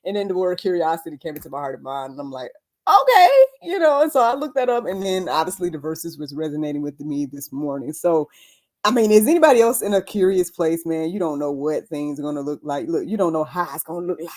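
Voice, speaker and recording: Chatty animated woman hosting faith talk. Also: sits low, quick pace. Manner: chatty, animated, laughs often, many fillers. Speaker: host. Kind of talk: casual faith talk livestream.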